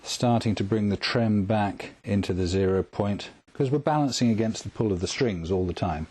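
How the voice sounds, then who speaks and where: A man calmly walking through a guitar tremolo setup step by step, patient and methodical. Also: lowish voice, moderate pace. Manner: calm, patient, step-by-step explaining. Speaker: guitar tech instructor. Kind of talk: instructional demonstration.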